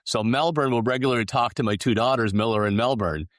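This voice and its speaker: A former party leader chatting on a panel in a self-mocking way, laughing along. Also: male voice, mid-range voice, fast talker, no echo, clean studio sound. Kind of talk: casual panel chat.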